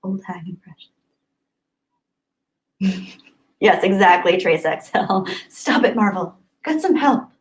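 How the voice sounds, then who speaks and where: Woman streamer, casual chat host, reads comments aloud, laughs a lot, slips into soft whispers. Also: on the low side, steady tone, slow, pauses often, low-quality recording. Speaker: live streamer reading chat.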